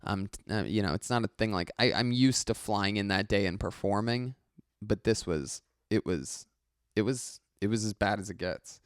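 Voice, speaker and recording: A male comedian telling a story as a podcast guest, animated, profane and exasperated. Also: fairly low pitch, normal speed, smooth, no echo, studio quality.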